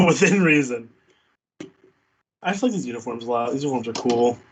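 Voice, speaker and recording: A man's voice: mid-range voice, expressive, brisk, slightly rough, rough recording. A man co-hosting a casual baseball watch-party stream, laid-back, laughing easily and trailing off. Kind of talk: casual chat.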